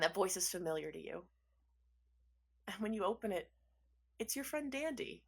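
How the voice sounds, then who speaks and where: A woman's voice: mid-range voice, lively intonation, brisk, pauses often. A woman game master narrating a tabletop game in a casual way, with laughing asides and the odd swear.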